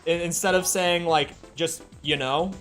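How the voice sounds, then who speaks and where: A man's voice: on the high side, steady tone, a little slow, a bit bright, soft background music. Rambling Minnesotan man streaming games. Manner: rambling, filler-heavy, with frequent "like". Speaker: game streamer. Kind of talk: casual chat while playing.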